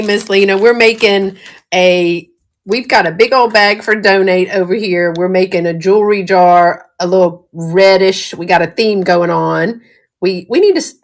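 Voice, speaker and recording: A middle-aged woman with a Southern US accent, chatting casually and folksily while showing thrifted jewelry, often breaking into giggles. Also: fairly low pitch. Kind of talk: casual live-stream chat.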